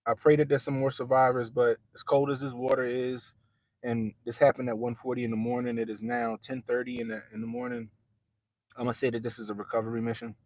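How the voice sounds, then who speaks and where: A man's voice: medium pitch, flat delivery, brisk, darkish tone, no room sound. Man, livestream host, casual slangy talk, dry close sound. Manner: loose, slangy, talks straight to viewers.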